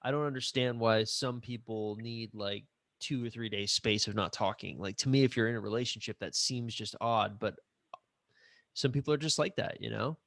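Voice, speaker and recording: A man's voice: fairly low pitch, normal speed, gravelly, a bit bright, dry recording, studio quality. A man hosting a casual interview as a relationship coach, asking follow-up questions and sharing his own stories.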